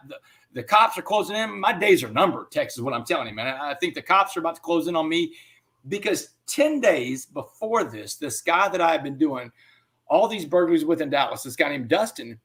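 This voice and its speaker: A man with a fairly high voice tells his own story in an interview. He talks in an animated way and keeps dropping in "man.". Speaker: interview guest.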